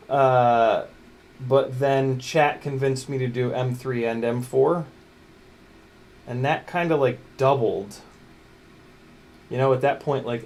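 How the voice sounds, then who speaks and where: During a casual livestream, a man in a mid-range, darkish voice talks while assembling a drone on his workbench. He keeps things loose and joking, muttering at the components and coaxing them into place.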